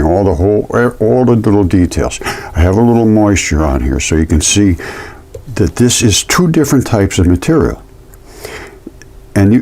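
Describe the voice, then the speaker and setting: A man talking indignantly in a casual vlog while showing specimens, repeating himself as he tells the story. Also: low-pitched. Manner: indignant, repetitive, animated storytelling. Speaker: amateur fossil presenter.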